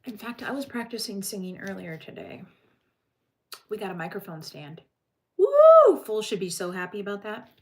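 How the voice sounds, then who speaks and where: A woman's voice: medium pitch, a little fast. A woman hosting a livestream, reading crime news aloud and breaking off to chat with her viewers in a loose, casual way.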